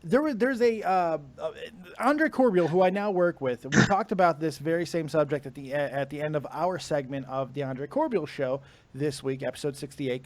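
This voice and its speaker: A man co-hosting a podcast, ranting in casual chat, swearing hard and laughing often. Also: on the high side. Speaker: podcast co-host.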